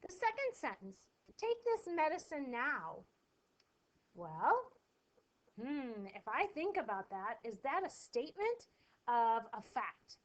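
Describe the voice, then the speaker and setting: A woman's voice: a little high, sing-song, takes it slowly, low-quality recording. A woman teacher explaining a lesson to her pupils, coaxing them with questions and reading the examples aloud with emphasis. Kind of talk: classroom lesson video.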